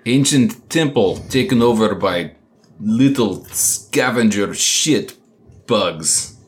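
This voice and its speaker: A man voices a gruff, bitter old prisoner in a tabletop game, with a put-on Russian-style accent and clipped, broken English. The voice sits low and deep. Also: animated, takes it slowly.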